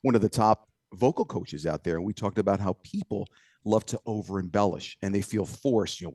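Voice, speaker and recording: A man chatting casually as a guest singer on a podcast, animated and slangy, calling people dude and bro. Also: fairly low pitch, fairly quick, no room sound, clean studio sound.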